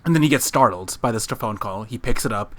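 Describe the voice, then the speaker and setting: A man's voice: fairly low pitch, animated, fairly quick, fairly bright tone. A man co-hosting a podcast in a living room, telling a story in a rambling way with many fillers and restarts. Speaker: podcast co-host. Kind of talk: casual chat.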